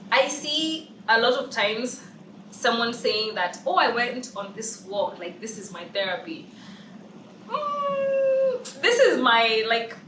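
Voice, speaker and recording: A woman's voice: fairly high pitch, sharp tone, a little hiss or hum. Emphatic young Kenyan woman vlogging. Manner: emphatic, repeats phrases for emphasis. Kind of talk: casual opinion vlog. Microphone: camera's built-in mic, no external mic. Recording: roomy and distant from the mic.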